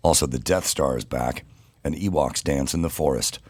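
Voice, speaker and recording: A man's voice: extremely low pitch, moderate pace, no room sound. A man co-hosting a podcast, reading short summaries in a matter-of-fact way between casual remarks. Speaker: podcast co-host reading segment intros. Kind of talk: casual chat and read-out summaries.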